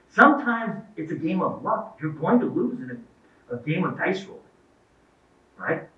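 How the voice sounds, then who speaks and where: A man's voice: on the high side, very animated, normal speed, long pauses. A middle-aged man giving a talk to parents, telling anecdotes and acting out the dialogue in them. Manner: storytelling, acts out quoted dialogue. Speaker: guest speaker. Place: event hall. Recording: echoey, distant, phone-like lo-fi sound.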